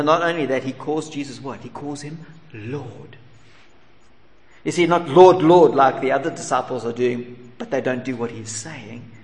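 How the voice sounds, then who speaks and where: A man delivers an earnest sermon in a large hall, with long reverb trailing his words. He asks the listeners rhetorical questions and slips into quiet, humble pleas. A faint room ambience sits underneath. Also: medium pitch, slight background noise. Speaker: pastor.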